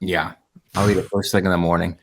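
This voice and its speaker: A man's voice: low-pitched, flat delivery, brisk. A man co-hosting a comedy podcast over a video call, rambling and cutting in with jokes, running on coffee and little sleep. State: over-caffeinated, short on sleep. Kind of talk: casual comedic chat.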